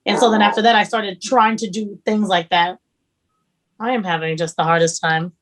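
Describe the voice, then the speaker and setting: A woman's voice: medium pitch, steady tone, normal speed, fairly bright tone. Laid-back chef woman, candid talk. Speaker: chef guest. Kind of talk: casual podcast interview.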